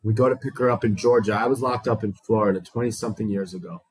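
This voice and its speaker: A man's voice: on the low side, fast talker, darkish tone, husky, no echo, low-quality recording. A man telling his recovery story to a small group, raw and profane, acting out the dialogue he quotes.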